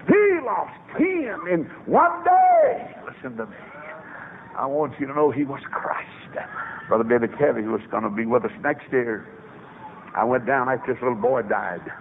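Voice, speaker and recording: A man preaching a revival sermon, telling stories with sudden soaring shouts. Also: mid-range voice, normal speed, vocal fry. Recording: tinny phone-like old radio recording with faint hiss.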